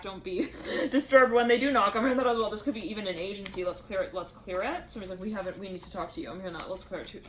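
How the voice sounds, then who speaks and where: A woman's voice: on the low side, a bit bright, slight background noise. A woman giving a channeled tarot reading, rambling and laughing as she acts out the voices she says she hears. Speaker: tarot reader.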